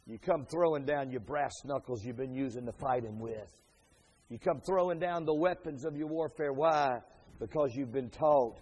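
A man preaching a sermon as pastor, swinging from hushed asides to loud, emphatic peaks. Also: medium pitch, moderate pace, slightly rough. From Pennsylvania, USA.

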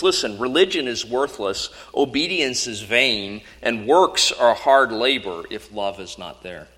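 Bright-voiced preacher in a reverberant hall. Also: male voice, on the low side. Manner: earnest, questioning, emphatic. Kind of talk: sermon.

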